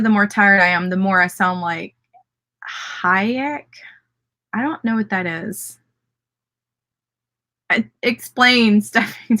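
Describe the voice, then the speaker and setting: Southern lady on a live stream, bright voice, bubbly, reading chat comments out loud. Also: mid-range voice. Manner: bubbly and upbeat, cheering viewers on.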